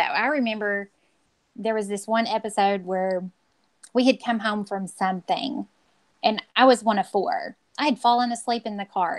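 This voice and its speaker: A woman's voice: mid-range voice, low-quality recording. Blunt, confrontational woman chatting. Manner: blunt, self-described confrontational, acts out scenes. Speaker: podcast co-host. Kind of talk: casual chat.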